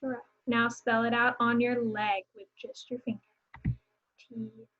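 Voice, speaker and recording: A young woman teacher leads a phonics lesson for small children at a very slow, careful pace, stretching out each sound. Her voice sits a little high, and she keeps cheering the children on and having them say words back. The recording is a bit muffled and dull. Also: level tone. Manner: encouraging, repeats words for students to echo.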